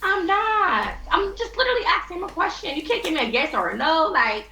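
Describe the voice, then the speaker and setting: A woman's voice: high-pitched, animated, quick pace, gravelly, few pauses, sharp tone, roomy sound, a little hiss or hum, poor audio. A woman venting on a live stream in a heated, rambling way. She swears often and talks straight to her viewers. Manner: heated, rambling and profane, addressing viewers as y'all. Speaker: livestreamer.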